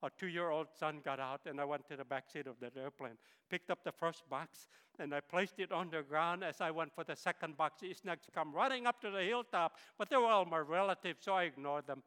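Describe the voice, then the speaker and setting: Guy in his 60s preaching a testimony, kinda high voice, long church hall echo. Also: a little fast, bright, forceful tone, clear, resonant tone. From northern Philippines. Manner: impassioned storytelling. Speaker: missionary pilot, guest speaker. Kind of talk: sermon testimony.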